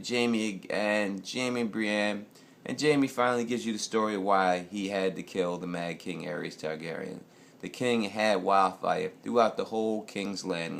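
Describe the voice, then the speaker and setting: A man's voice: on the low side, a bit bright. An American man giving a loose, profane, rambling casual review of a TV episode. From United States. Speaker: TV show reviewer.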